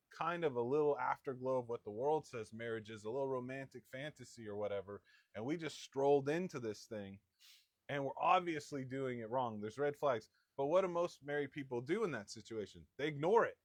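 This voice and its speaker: Man preaching in a casual, conversational way. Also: no echo. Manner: conversational, acts out couples' voices with sudden pitch jumps. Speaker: pastor. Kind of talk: sermon.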